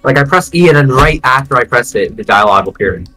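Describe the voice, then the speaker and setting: Bright-voiced guy in game voice chat, yells n cheers, voice jumps all over. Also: mid-range voice, lively intonation, quick pace, faint music behind, rough recording. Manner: loud cheering and panicked yelling, jokey. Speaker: player in a group voice chat. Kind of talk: casual gaming chat.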